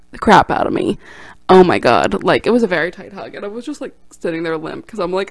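A young woman, a stand-up comic, telling a casual storytime on her vlog with animated, self-deprecating delivery and quoted voices. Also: lowish voice, fairly quick, creaky.

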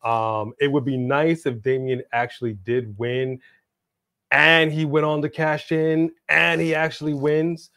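Animated guy cohosting a stream, chatty, goes big announcer-style sometimes, dry sound. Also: a little high, unhurried, vocal fry, dry recording. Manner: animated, bursts into hype-announcer delivery. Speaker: co-host of a wrestling prediction stream. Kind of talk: casual live-stream chat.

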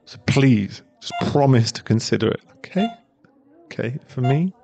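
A man playing a gravelly tearful remorseful boyfriend. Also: medium pitch, lively intonation, normal speed, crowd noise. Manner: tearful, stammering, pleading. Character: remorseful young boyfriend at hospital bedside. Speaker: ASMR voice actor. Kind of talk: ASMR role-play.

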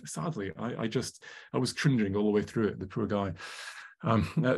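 Husky man running an online workshop. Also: lowish voice, normal speed. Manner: chatty, lots of ums and uhs, asks the audience questions. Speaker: workshop presenter. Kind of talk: live online workshop teaching.

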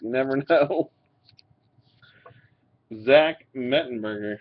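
A laid-back man gives casual commentary while opening card packs, his medium-pitched voice moving at a slow pace. He reads out the cards, swearing and laughing, and his webcam mic makes the sound dull.

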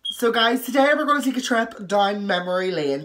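A man's voice: high voice, animated, normal speed, a bit bright. A young man in his late teens chatting in a casual vlog, camp, sassy and dramatic, swearing often. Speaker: vlogger.

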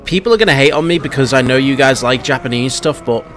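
A man's voice: mid-range voice, fast talker, a bit bright, soft background music. Blunt, chatty man reacting on camera. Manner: blunt, chatty, frequent restarts. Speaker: YouTube reaction host. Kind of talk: casual reaction commentary.

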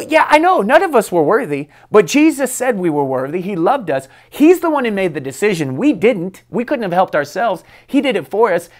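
A man preaching a weekly devotional with plenty of emphasis and conviction. He moves between reading scripture and urging his listeners on. He chuckles now and then at his own anecdotes. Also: high-pitched. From United States. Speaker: pastor. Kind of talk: devotional sermon.

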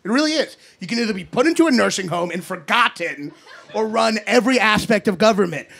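A man in his thirties doing a stand-up set in a comedy club, ranting in an exasperated way and shouting his punchlines into a handheld mic. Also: high-pitched, expressive, fast talker, vocal fry. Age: 30s. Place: comedy club basement before a live audience. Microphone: handheld stage microphone. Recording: live club recording with audience noise. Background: audience laughter.

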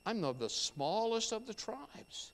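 A pastor preaching a sermon, reading scripture aloud and explaining it verse by verse. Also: male voice, sits high, sing-song, unhurried. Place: church sanctuary. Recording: church hall with long reverb.

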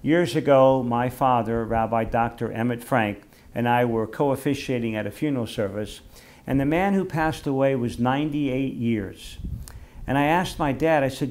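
An older male rabbi speaks at a memorial service at an average pitch. His delivery is gentle and heartfelt, the pace of a storyteller who slows down for readings and prayers.

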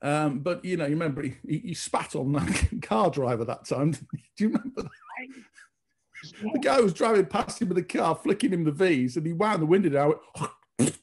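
A man's voice: a little high, lively intonation, moderate pace, slightly rough. A man presenting a radio show, trading jokes in casual banter and chuckling at himself. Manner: jokey, chuckling, self-mocking banter.

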